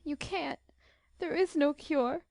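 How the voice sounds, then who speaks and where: A woman reading an audiobook, voicing a gentle teenage girl who sobs softly and pleads while in pain. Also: high-pitched, unhurried, no room sound, studio quality, voice pushed up. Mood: tearful pleading. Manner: soft, sobbing, pleading. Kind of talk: audiobook narration.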